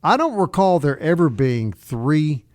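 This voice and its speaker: A man's voice: on the high side, sing-song, dry recording, clean studio sound. A middle-aged man with a Southern accent from Mississippi, co-hosting a casual radio talk show and telling folksy stories with long asides. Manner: folksy storytelling, drawn-out asides. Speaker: radio co-host. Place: radio studio. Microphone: studio mic.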